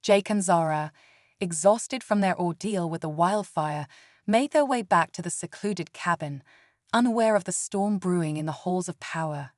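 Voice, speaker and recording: Brief: female story narrator, steady and even, lowish voice, very dry close sound. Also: normal speed, no echo.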